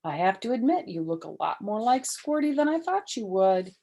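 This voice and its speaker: A woman's voice: mid-range voice, sing-song, moderate pace, vocal fry, warm tone, voice pushed up. A woman doing a firm, patient storybook mother. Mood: amused. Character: patient, exasperated young mother.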